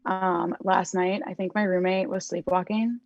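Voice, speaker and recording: A young woman, a podcast guest, chatting casually and telling a lively story with frequent laughs. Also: lowish voice, moderate pace, gravelly, no echo, highs cut off. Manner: animated storyteller, laughs often.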